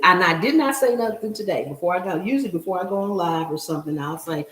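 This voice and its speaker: A woman's voice: medium pitch, sing-song, a little fast, few pauses, fairly bright tone, roomy sound, poor audio. A middle-aged woman hosts a live cooking stream from her home kitchen, chatting and answering viewer comments as she cooks. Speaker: cooking show host.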